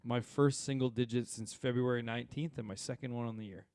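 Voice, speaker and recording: Sex: man. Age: 30s-40s. Role: podcast co-host. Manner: animated, rambling storyteller. Sound: dry, close. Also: mid-range voice, fairly quick, no room sound. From Saskatchewan, Canada. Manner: animated storyteller, rambling with many fillers and asides. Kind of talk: casual chat.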